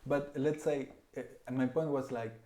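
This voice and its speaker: Relaxed man from Argentina chatting. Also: medium pitch, a little slow. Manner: relaxed, talks things through with many "like" and "right?". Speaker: guest. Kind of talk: casual chat.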